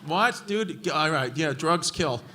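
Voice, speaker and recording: A man doing loud, profane stand-up crowd work, roasting hecklers on a comedy club stage. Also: fairly high pitch, animated, unhurried. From Brooklyn, New York. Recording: live club audience noise. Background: laughing club audience.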